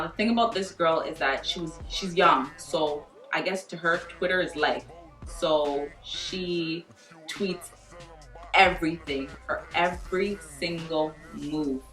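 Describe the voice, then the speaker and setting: A young woman telling a profane, animated storytime vlog and acting out quoted dialogue. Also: low-pitched. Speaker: vlogger. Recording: echoey room from far off with faint music.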